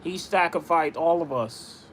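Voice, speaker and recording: A man's voice: on the high side, unhurried, a little hiss or hum. A man insistently arguing his point in casual livestream talk, repeating himself. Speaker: livestream host.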